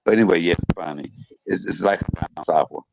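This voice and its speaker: Low, fast and creaky, the voice belongs to a middle-aged man running a casual live-stream chat over noisy online audio. He is earnest, repeats his points and often jumps in with "hold up".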